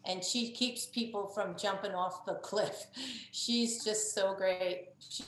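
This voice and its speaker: A woman in her fifties, a guest musician, chatting casually with lively explanations and quick asides. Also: mid-range voice, a little hiss or hum. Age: 50s. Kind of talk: casual chat. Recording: echoey room sound.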